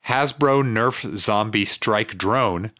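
Male podcast co-host, bright tone, dry sarcastic humor, casual banter. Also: fairly low pitch, slow pace. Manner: dry, sarcastic jokes with frequent laughs. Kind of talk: casual comedic chat.

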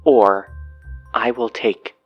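A man doing a stern, menacing guy who drags every word out, deep and slow. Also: fairly even intonation, slightly rough, highs cut off, faint music behind. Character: stern, slow-speaking man warning off a watcher.

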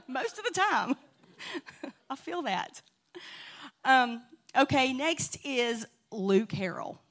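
A woman's voice: high-pitched, big pitch swings, drawn-out words, pauses often, slight background noise. A woman telling funny stories to a church congregation in a chatty, laughing way. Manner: chatty and warm-hearted, laughing often. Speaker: church speaker. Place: church sanctuary.

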